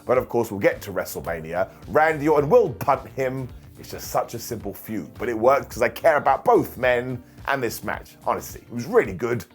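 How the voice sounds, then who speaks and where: A man recapping a wrestling show in an energetic, jokey casual way, often laughing and mocking himself. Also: mid-range voice, fairly quick, few pauses, soft background music.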